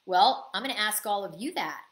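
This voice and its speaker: A woman's voice: medium pitch, expressive, normal speed, fairly bright tone, echoey room. A woman business coach giving a live online coaching talk, answering chat questions and acting out little quoted exchanges.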